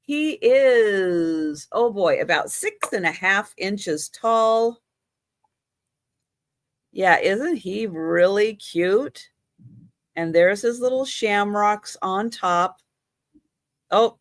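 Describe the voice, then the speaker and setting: Unhurried woman hosting a live sale. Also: mid-range voice, lively intonation, dry recording, studio quality. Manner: chatty, laughs at her own slips. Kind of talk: live online auction selling.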